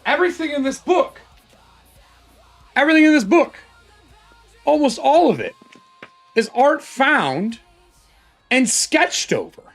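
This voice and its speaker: A man hosting a casual live stream, thinking aloud excitably and swearing now and then. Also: extremely high pitch, a little slow, long pauses, faint music behind. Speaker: livestream host.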